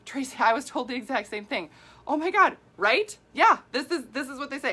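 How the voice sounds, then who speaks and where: Bright-voiced animated woman health coach. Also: on the high side, fairly quick, husky. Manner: animated and worked up, laughing, acting out quoted people. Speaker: women's health coach and host. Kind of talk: casual live video answering viewer comments.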